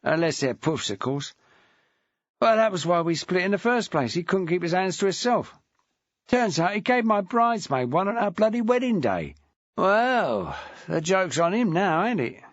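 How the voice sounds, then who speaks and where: A man voicing a brash, crude, sharp-tongued ex-wife in a storybook reading. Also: sits high, sing-song, normal speed, no room sound, lo-fi sound, voice pushed up. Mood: coarse, defiant. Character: coarse, brash chain-smoking ex-wife, a woman.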